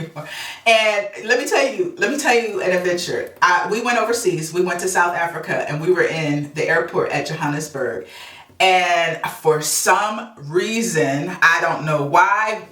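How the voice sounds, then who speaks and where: A woman's voice: fairly low pitch, a bit bright, distant mic. A woman vlogger telling a story in a chatty way while she counts cash aloud, laughing often. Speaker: budgeting vlogger. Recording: echoey room, voice off-mic, faint noise.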